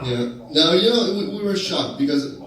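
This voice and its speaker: A man from France with a French accent performing a stand-up comedy set in a deadpan, halting way with many fillers. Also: on the high side. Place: comedy club stage. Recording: echoey club, distant mic, crowd laughter.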